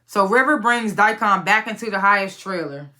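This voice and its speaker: Speaking in a mid-range voice at a normal speed, this woman sounds pushed and bright. She runs her own review channel and recaps a TV episode casually, with plenty of profanity, acting out the characters' lines as she goes.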